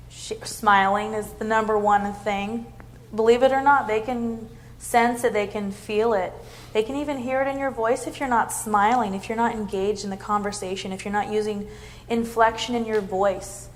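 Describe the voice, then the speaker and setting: A woman who works as a customer service representative, talking earnestly and upbeat about how she handles calls. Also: medium pitch. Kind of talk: casual interview chat.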